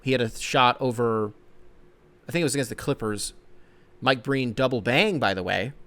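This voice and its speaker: A young man hosting his own solo sports podcast, rambling and swearing, jumping between excited outbursts and low grumbling. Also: normal speed. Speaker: podcast host.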